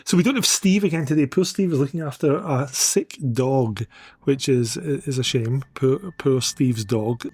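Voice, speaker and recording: A man's voice: medium pitch, unhurried, darkish tone, husky. Easygoing man with dry humor, hosting. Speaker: podcast co-host. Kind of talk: casual chat.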